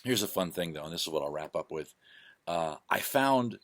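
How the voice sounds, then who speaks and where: Deep and expressive at a moderate pace, his fairly bright voice comes across in a dry recording. He's a vlogger at home speaking into his laptop mic, rambling, self-deprecating and full of digressions.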